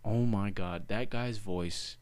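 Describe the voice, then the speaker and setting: A young man co-hosting a podcast in casual chat, excitable and swearing often, now and then breaking into loud mock voices. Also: lowish voice, slow pace, slight background noise. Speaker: podcast co-host.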